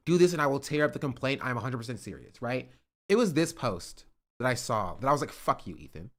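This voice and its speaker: Male streamer, heated commentary, keeps asking "right?", mid-range voice. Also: mid-range voice. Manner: heated, repeats "right?" often. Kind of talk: livestream commentary.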